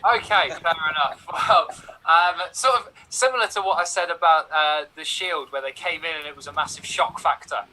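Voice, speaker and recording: A man's voice: on the high side, moderate pace, bright, forceful tone, slight background noise, low-quality recording. A man co-hosting a casual chat in an easygoing, joking way, speaking into a computer microphone on a remote call. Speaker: podcast co-host.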